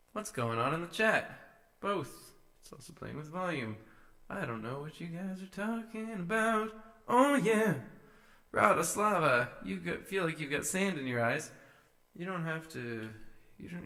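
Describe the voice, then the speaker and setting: A man's voice: a little high, gravelly, bright, forceful tone. A man casually talking through his vocal edits on a live stream, musing to himself as he works. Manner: musing to himself, sings short takes. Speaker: streamer producing music.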